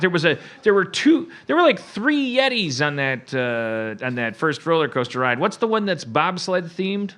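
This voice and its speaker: Rambling and profane, this comedy podcast host spins animated stories in loose conversation. His voice is fairly high for a man, moving at a normal speed with barely a pause.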